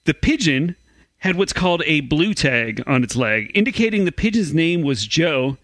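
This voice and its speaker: A man reads out news stories for a comedy podcast, matter-of-fact between the jokes. His voice is high, bright and lively in pitch. The sound is dry and close. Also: normal speed, no room sound. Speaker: podcast co-host reading news.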